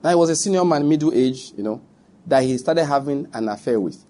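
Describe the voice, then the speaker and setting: A man's voice: medium pitch, expressive, a little fast, dark tone. A middle-aged Nigerian man preaching a sermon, emphatic and direct, repeating his points and speaking straight to his listeners.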